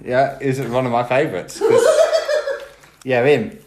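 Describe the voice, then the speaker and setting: A man's voice: mid-range voice, huge pitch swings, takes it slowly, very noisy. A man co-hosting a podcast, rambling and swearing with laughs in casual banter. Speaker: podcast co-host, sound and light technician. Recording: echoey room.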